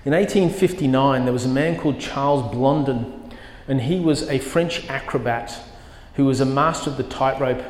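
A man's voice: mid-range voice, normal speed, few pauses. A man preaching a sermon as pastor, telling a story with vivid, emphatic quoted lines. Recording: echoey hall with long reverb.

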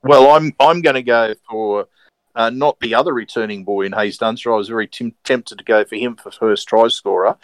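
In casual sports podcast talk, a male co-host with a steady mid-range voice speaks at normal speed, hesitating through fillers and restarts while choosing his words carefully. The audio is poor, with no room sound.

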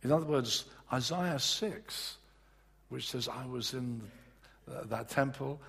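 A man preaching a sermon in an earnest, halting way with many restarts, his voice just back after being lost. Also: mid-range voice, vocal fry, a bit bright, slightly rough. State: voice recovering from loss. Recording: echoey hall.

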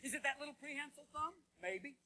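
Man playing a shrill manic TV preacher. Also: fast talker, full character voice. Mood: preaching. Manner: booming, preachy, shouting exclamations. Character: manic evangelical preacher, middle-aged man. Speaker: stand-up comedian. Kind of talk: comic sermon parody. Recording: live show with loud crowd and noise.

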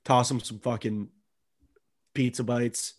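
A man in casual podcast banter, mid-pitched and easygoing. He jokes sarcastically and swears freely while he talks sports with a friend. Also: little pitch movement, slow pace. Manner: profane, sarcastic joking. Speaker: podcast co-host.

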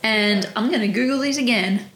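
A woman's voice: on the high side, normal speed, a crowd in the background. A woman co-hosting a podcast, casually recapping a film with lots of fillers. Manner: chatty, filler-heavy retelling. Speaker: podcast co-host. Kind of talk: casual movie recap chat. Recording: echoey room.

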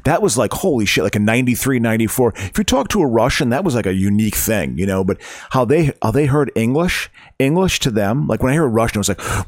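A man chatting casually, agreeable and quick to laugh, rambling through stories. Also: mid-range voice, expressive, no echo. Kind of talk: casual chat.

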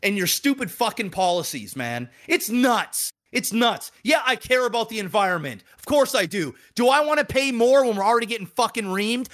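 A man's voice: sits high, lively intonation, moderate pace, hardly any pauses, a bit bright. A man co-hosting a podcast, ranting heatedly with lots of profanity in casual chat. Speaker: podcast co-host.

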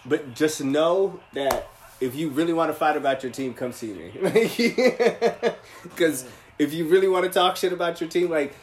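A young man in casual podcast chat, telling animated stories with heavy slang and swearing. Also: fairly high pitch, measured pace, reverberant, slight background noise.

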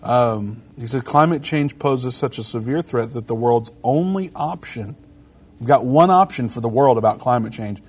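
Male co-host, husky, easygoing chat delivery, reads quotes aloud. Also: mid-range voice, moderate pace, darkish tone. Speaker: podcast co-host. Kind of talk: casual religious talk show.

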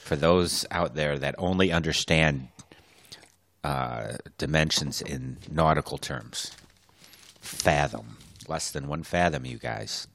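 A man with a very low voice co-hosts a casual podcast. He jokes and laughs often between remarks. The sound is dry and close. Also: lively intonation, slow, creaky, a bit bright, dry recording. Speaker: podcast co-host. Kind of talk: casual chat.

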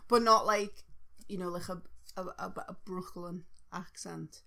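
A woman's voice: lowish voice, fairly even intonation, unhurried, creaky, sharp tone. A young woman co-hosting a podcast, chatting casually, rambling and laughing often. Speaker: podcast co-host. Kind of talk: casual chat.

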